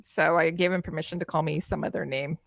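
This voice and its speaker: A woman's voice: deep voice, fairly even intonation, quick pace, gravelly, no echo, clean studio sound. A woman co-hosting a casual show, telling a story in a chatty way with frequent laughs. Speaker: co-host. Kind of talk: casual chat. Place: studio.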